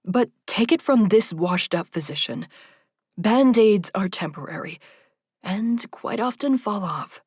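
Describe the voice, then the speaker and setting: A woman's voice: medium pitch, lively intonation, unhurried, darkish tone, husky, no echo, clean studio sound, voice pushed up. A woman voicing an indignant woman doctor. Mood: sorrowful. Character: principled woman physician, indignant and heartbroken.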